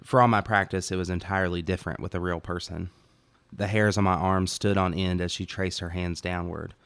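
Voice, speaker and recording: Deep smooth male audiobook narrator. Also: fairly even intonation, fairly quick, a bit bright, no echo. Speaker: author reading own story.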